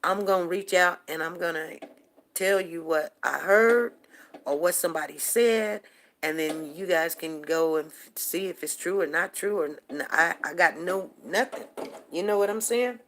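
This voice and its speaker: A woman's voice: on the low side, normal speed, fairly bright tone, slight background noise. A woman hosting a talk show, rambling and repeating herself as she makes emphatic points to her listeners. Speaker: show host. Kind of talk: casual talk-show monologue.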